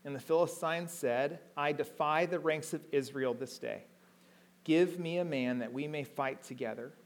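A man preaching a sermon, reading scripture aloud and retelling it in plain everyday words, slowing down and lifting his voice to stress key words. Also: on the high side. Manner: retells the story in everyday paraphrase between readings.

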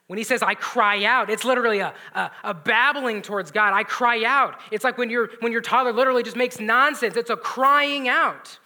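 A man preaching a sermon, swinging between loud emphatic lines and hushed, near-whispered asides. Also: high voice, a little fast, hardly any pauses. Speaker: pastor.

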